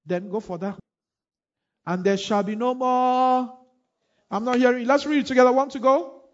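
A man with a high voice preaches a sermon in a church, repeating phrases and pressing the congregation to answer him. He swings between quiet stretches and shouts. The recording is dull and lo-fi. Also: steady tone, normal speed. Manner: repetitive, call-and-response, rising to shouts. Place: church hall.

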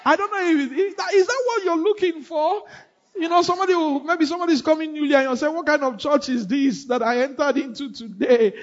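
A man's voice: very high voice, a little fast, muffled recording. A man preaching a sermon in church, repeating phrases and calling on the congregation to respond. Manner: repetitive, call-and-response, rising to shouts. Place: church hall.

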